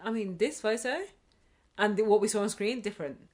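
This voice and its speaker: A British woman co-hosting a podcast in casual chat, quick to laugh and joke. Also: mid-range voice, a little mellow. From Britain. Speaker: podcast co-host.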